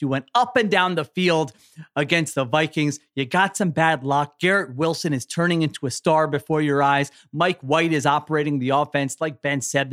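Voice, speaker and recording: Male podcast co-host, high voice, emphatic sarcastic takes. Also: a bit bright. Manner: emphatic, opinionated, sarcastic asides. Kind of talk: casual sports chat.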